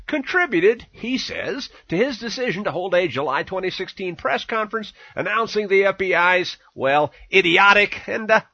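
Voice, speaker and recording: A man delivers sarcastic political commentary in a mocking, theatrical way. His voice is high, bright and husky, and it leaps around in pitch. The recording is dry and dull. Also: dry recording. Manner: mocking, theatrical, swinging emphasis.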